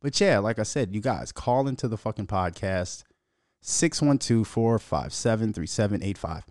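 A young adult man from Minnesota hosting a casual solo podcast, telling a story in a profane, animated way and laughing as he goes. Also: on the low side, normal speed, dry recording, clean studio sound. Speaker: podcast host.

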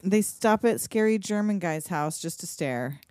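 A woman's voice: medium pitch, animated, unhurried, a little mellow, dry recording, clean studio sound. A woman recapping a movie's plot in casual chat, wry and profane. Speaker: podcast co-host.

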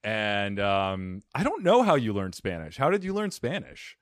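A man hosting a podcast, chatting casually with a guest in an excitable, apologetic way, with quick bursts of laughter. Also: fairly low pitch, no room sound, clean studio sound. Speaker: podcast host. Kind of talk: casual interview chat.

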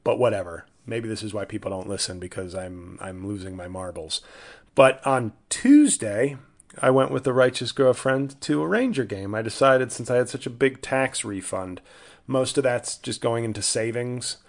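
A man's voice: mid-range voice, lively intonation, moderate pace, creaky. A man hosting a casual solo podcast, rambling and self-deprecating with many restarts. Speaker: podcast host.

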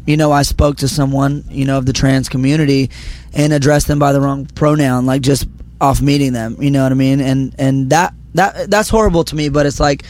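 A young man, a musician guest, chatting quietly with a slightly raspy voice just after coming off stage, many fillers, mic held close to his mouth. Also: medium pitch. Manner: speaking quietly, filler-heavy. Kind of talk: casual interview chat. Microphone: handheld mic held close.

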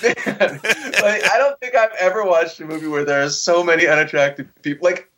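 A man's voice: fairly high pitch, moderate pace, bright, forceful tone. A man co-hosting a casual podcast, ranting profanely and mockingly about a bad movie. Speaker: podcast co-host. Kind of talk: casual movie review chat.

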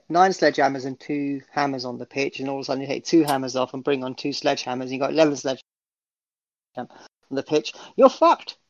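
A man co-hosting a football podcast, talking in an animated, jokey way and swearing freely. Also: medium pitch, dry recording. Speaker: podcast co-host. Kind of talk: casual football call-in chat. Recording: dull dry podcast audio.

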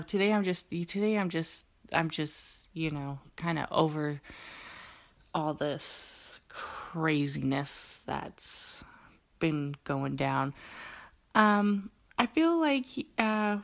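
A woman's voice: fairly low pitch, creaky. A woman, a nurse hosting her own podcast, ranting casually with lots of swearing and fillers. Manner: profane, exasperated, ranting with frequent fillers. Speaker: podcast host. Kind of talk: casual solo podcast rant. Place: at home with her dog.

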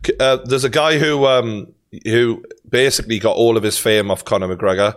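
Geordie podcast host, mid-pitched voice, casual and sweary, a lot of "mate". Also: male voice, fairly even intonation, normal speed. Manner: chatty, swears, many fillers and restarts, calls listeners mate.

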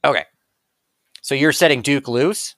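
A man's voice: medium pitch, measured pace, a bit bright, no echo. A man narrating a tabletop game as game master, casual and profane in his storytelling.

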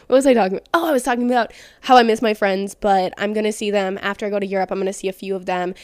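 A woman's voice: mid-range voice, fast, no echo, studio quality. A young woman hosting a casual solo podcast, talking candidly with lots of "like" fillers. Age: young adult. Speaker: podcast host.

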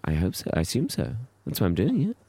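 Camp, lively man chatting. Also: low voice, fast talker, creaky, breathy edge. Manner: camp, playful and teasing. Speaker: podcast co-host. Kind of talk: casual chat.

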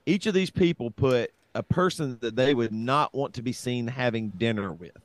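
A man's voice: mid-range voice, normal speed, no room sound. A man hosting a podcast in loose, casual banter, laughing often. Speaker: podcast host.

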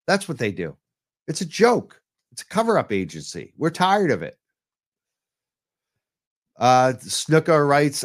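A man's voice: mid-range voice, animated, normal speed. Impassioned man hosting a livestream. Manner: impassioned, urgent advocacy. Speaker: livestream show host. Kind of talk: live-streamed talk show. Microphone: computer mic while on webcam.

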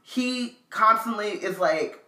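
A woman's voice: medium pitch, takes it slowly, pushed and bright, roomy sound. A woman co-hosting a book read-along, chatting thoughtfully with lots of fillers. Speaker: co-host.

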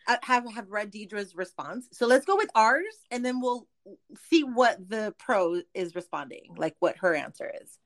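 Giggly woman with lively pitch. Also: measured pace. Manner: giggly, swears casually. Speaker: podcast co-host. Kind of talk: casual chat, reading letters aloud.

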